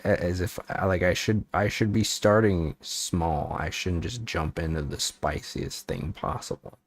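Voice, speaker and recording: Slow, deep-voiced man chatting playfully. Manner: rambling, playful, chatting with viewers. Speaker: VTuber streamer. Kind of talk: casual livestream chat and improvised bedtime story.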